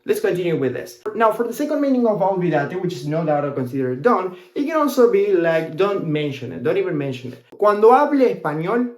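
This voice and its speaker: High-voiced man with an Argentine accent. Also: sing-song, a little mellow, reverberant. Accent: Argentine Spanish. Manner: explains slowly and repeats phrases. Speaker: Spanish teacher. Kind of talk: casual language lesson.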